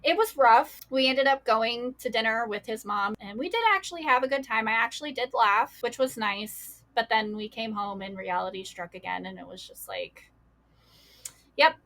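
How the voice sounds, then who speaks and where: A young woman speaks as a podcast guest, recounting hard memories with frequent fillers and short acted-out quotes of other people. Her voice is bright and forward, sitting slightly high for a woman. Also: normal speed, hardly any pauses. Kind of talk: emotional personal storytelling.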